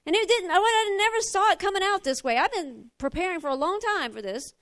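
A woman preaches with a high, bright-pitched voice, close to tears. She is expressive and confessional, swinging from loud declarations to hushed admissions. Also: brisk, few pauses. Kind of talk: emotional sermon.

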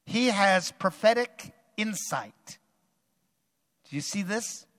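A male preacher reads a Bible story aloud and retells it dramatically, swinging between loud bursts and quiet asides. His voice is high and bright with a sharp edge. A long hall reverb hangs around every phrase. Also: expressive, takes it slowly. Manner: dramatic, varies loudness and pace freely. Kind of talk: sermon with dramatic Bible reading.

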